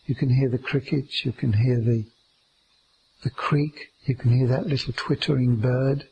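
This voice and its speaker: A man giving a slow, meditative teaching talk about staying aware in each moment, drawing out his words gently. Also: mid-range voice, steady tone, gravelly, slightly rough, poor audio.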